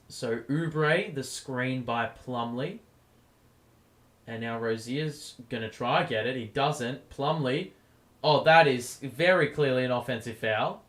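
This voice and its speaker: Man calling a game live, voice going hoarse. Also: mid-range voice. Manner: casual, gets loud over big plays. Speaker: stream host. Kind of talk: live play-by-play commentary.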